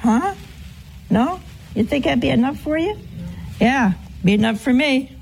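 Gravelly, slow-speaking woman preacher. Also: high-pitched, lively intonation, a little mellow, slight background noise. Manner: teasing, chuckles often, rhetorical questions to the audience. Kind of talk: humorous sermon.

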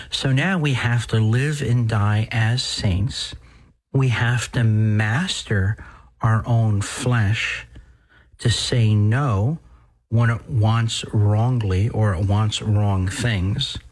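A man preaching with deliberate, unhurried delivery and a husky, slightly breathy voice. He speaks earnestly and with emphasis, at times sinking into a whisper to drive a point home. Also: fairly low pitch, rough recording. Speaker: priest. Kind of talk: podcast sermon.

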